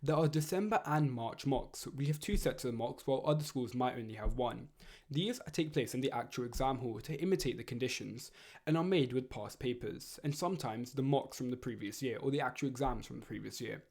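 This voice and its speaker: A teenage boy talks through study advice in a measured, scripted narration. His delivery is earnest and steady, with a voice of ordinary pitch for a young man. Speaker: student giving study advice.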